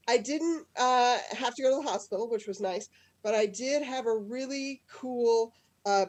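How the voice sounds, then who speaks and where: A fairly high-voiced woman hosts a live comedy storytelling show from a video call. She talks in quick, chatty bursts and laughs easily between lines. Her delivery stays loose and conversational. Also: darkish tone. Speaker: show host.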